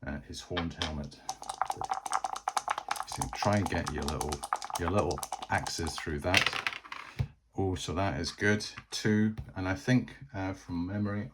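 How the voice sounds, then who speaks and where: A man's voice: low-pitched, very noisy. A man narrating a solo board game, chatty and thinking aloud as he plays.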